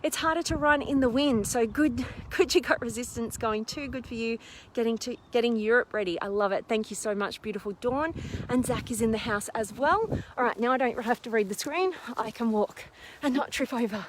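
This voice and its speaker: A woman with a high, bright-pitched voice chats on a phone camera while hiking a steep, windy hill, a little out of breath. She is bubbly and warm-sounding in her enthusiasm, reading viewers' names with plenty of ums. Faint outdoor noise sits behind her. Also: fairly quick. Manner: bubbly, reading out viewer comments with lots of fillers. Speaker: host of a live stream. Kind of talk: casual live-stream chat while exercising outdoors. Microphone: phone camera held while walking.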